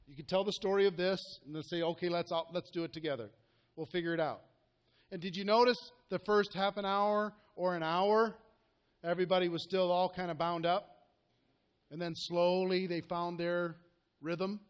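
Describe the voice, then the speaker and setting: A man coaching a live group, talking earnestly and directly and often asking the room questions. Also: high voice. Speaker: network marketing coach.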